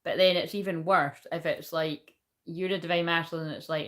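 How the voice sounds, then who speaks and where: A woman's voice: on the low side, fairly even intonation, brisk, fairly bright tone. A woman giving a casual spiritual tarot reading, rambling and swearing often. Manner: rambling, swears a lot, chatty. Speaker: tarot reader.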